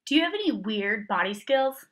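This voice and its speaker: A woman's voice: on the high side, very animated, normal speed, a bit bright. Woman plainly reading out questions. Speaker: question reader.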